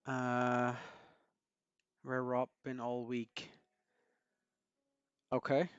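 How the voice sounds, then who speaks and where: A man's voice: mid-range voice, completely flat delivery, extremely slow, clear, resonant tone, dry recording, dull audio. A man hosting a live stream, chatting casually and greeting viewers by name with frequent chuckles.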